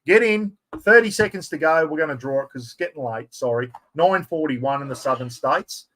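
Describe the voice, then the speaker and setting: A middle-aged Australian man hosting a live giveaway stream, chatty and excitable, full of blokey slang. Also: on the high side, normal speed. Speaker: livestream host.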